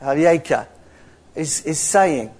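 A man preaching a sermon in an animated, playful way, acting out little dialogues as he teaches. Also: on the high side, slow.

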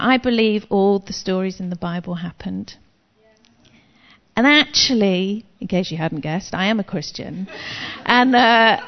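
Chatty woman preaching in a hall. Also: mid-range voice. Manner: chatty, self-deprecating, frank. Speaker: Christian speaker. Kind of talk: testimony-style preaching. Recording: long reverb, dull lo-fi sound.

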